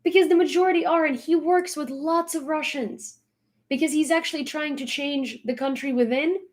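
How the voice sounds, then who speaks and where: A woman's voice: high voice, fairly even intonation, moderate pace, darkish tone. Emphatic woman ranting on a vlog. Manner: emphatic, repeating points for stress; exasperated, blunt. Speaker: social media commentator. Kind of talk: casual vlog rant.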